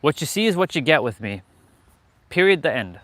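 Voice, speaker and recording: Walking outside with a gimbal camera in hand, this man live-streams in a casual, candid, motivational manner, swearing often. His voice sits a little high and a bit bright, very animated and fairly quick, and the recording is dry.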